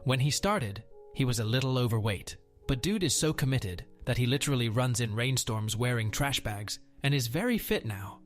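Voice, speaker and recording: Male voice, wry Reddit post reading, mid pitch, soft music underneath. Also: animated, normal speed, hardly any pauses. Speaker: narrator.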